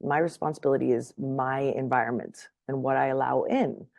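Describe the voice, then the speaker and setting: Low-voiced woman telling a lively story. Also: a little fast, vocal fry, dry recording, clean studio sound. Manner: animated, laughs often, keeps checking in with "right?". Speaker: podcast guest. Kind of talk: casual storytelling in conversation.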